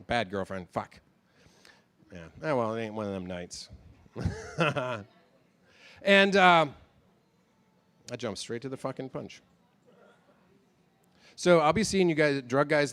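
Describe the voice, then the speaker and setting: A man's voice: on the high side, a bit bright. A man doing a rambling stand-up set, talking about himself, swearing often and correcting his own jokes. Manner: rambling, self-deprecating, swears a lot. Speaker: stand-up comedian.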